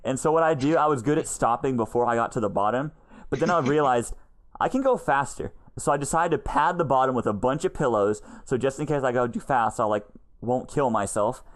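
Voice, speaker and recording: A young man co-hosting a casual podcast chat, telling animated stories and laughing often. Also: mid-range voice, a little fast. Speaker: podcast co-host. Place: lives in Texas.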